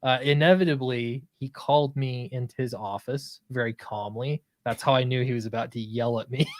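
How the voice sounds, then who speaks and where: This man, co-hosting a podcast, has a medium pitch and fairly even intonation, talking at a moderate speed with no room sound. Mocking himself in a relaxed way, he recounts an embarrassing tale, frequently cracking up and starting sentences over.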